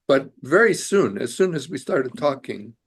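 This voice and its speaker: A man's voice: medium pitch, big pitch swings, normal speed, slightly rough. A man as a podcast guest, talking earnestly in casual conversation and searching for his words as he goes. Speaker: guest, immigration attorney.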